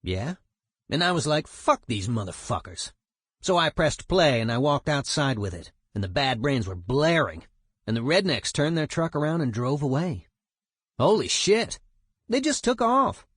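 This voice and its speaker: A man's voice: medium pitch, sing-song, moderate pace, fairly bright tone, husky, dry recording, clean studio sound. A man voicing a streetwise male punk musician, telling a story in a profane, emphatic way. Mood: animated.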